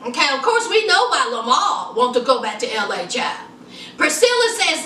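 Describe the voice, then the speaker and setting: A woman's voice: high voice, very animated, moderate pace, pushed and bright, recorded from a distance, slight background noise. A woman recapping a reality show in a casual vlog, sassy and gossipy, teasing her viewers and calling them child and honey. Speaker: reality TV reviewer. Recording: echoey room, mic set back.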